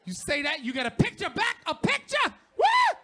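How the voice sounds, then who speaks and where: A middle-aged man doing a stand-up comedy set on stage, profane and shouting out his punchlines. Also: very high-pitched, very animated, a little fast.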